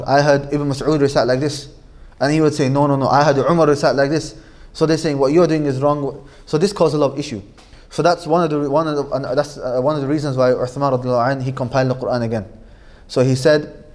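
A man's voice: medium pitch, a little mellow. A man with a Manchester accent teaching an informal classroom lesson, talking conversationally, repeating his points and checking in with the students. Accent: Manchester English. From Manchester, England.

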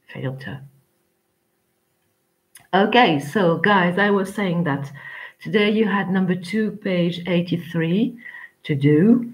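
A woman teaching an English class online, chatty and rambling, with frequent pauses as she talks to her students. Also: on the low side, low-quality recording.

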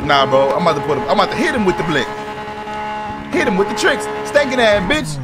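A young man calls out over a role-play driving game in a high, bouncing voice. He is loud and excitable and swears freely. Game music plays clearly under him. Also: quick pace. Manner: shouty, excitable, swears freely, talks to other players. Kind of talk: loud gaming commentary. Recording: game music playing behind.

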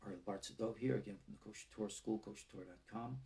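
A man's voice: lowish voice, fairly even intonation, rapid-fire, gravelly, dark tone. A middle-aged man, a rabbi, giving a live-streamed lecture in an earnest, emphatic, exhorting way. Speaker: rabbi teaching an online class.

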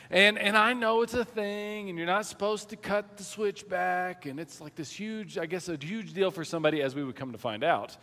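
A middle-aged man from the American South delivering a sermon from a church platform. His voice sits a little high and rings out in a long hall reverb. He tells stories animatedly and bursts into loud quoted lines. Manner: animated storytelling, acts out shouted quotes. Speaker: pastor. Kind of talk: sermon with personal story. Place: church sanctuary.

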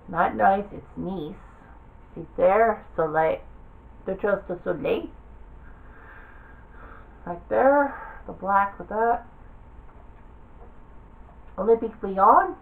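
A woman's voice: medium pitch, vocal fry, low-quality recording. A woman giving offhand, rambling commentary while browsing a game, thinking aloud as she goes. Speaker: gaming video creator.

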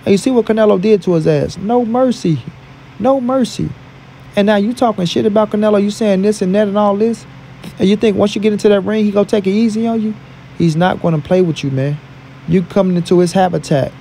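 A man's voice: high voice, fast, creaky, warm tone, slight background noise. A man from St. Louis giving casual boxing commentary as a vlogger, with emphatic, repetitive, profane trash talk. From St. Louis, USA.

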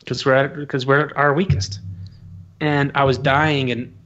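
A man's voice: mid-range voice, flat delivery, a little slow, a bit bright. Earnest man telling a story, lo-fi sound. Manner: earnest, heartfelt storytelling with frequent restarts. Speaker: podcast guest. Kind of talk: personal testimony in conversation.

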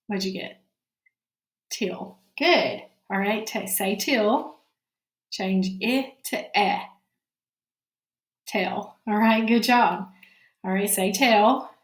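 Slow, patient teacher woman, roomy sound. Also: medium pitch. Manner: slow, patient, encouraging, frequent "all right, good job". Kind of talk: recorded phonics lesson for children. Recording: roomy, echoey classroom-style sound.

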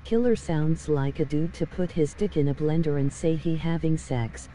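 Low, dark text-to-speech woman. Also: normal speed, a little hiss or hum.

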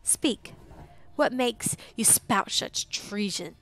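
A woman voicing an older peg-legged male orc commander who barks sharp orders in a storybook reading. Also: a little high, lively intonation, slow pace, faint music behind. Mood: commanding.

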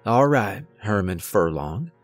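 A gruff, worn-out Old West outlaw, put on by a male narrator, drawling his words rough and blunt with a bitter edge. He takes his time, each phrase dragged out slow and heavy, over faint music. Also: fairly low pitch, very animated.

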